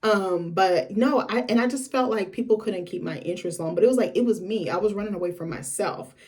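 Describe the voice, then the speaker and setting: A young woman vlogging in a chatty, candid way. She talks fast and fills her sentences with casual fillers as she tells her story. Her voice sits at a mid pitch. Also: darkish tone. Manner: chatty, frequent filler words. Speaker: vlogger host.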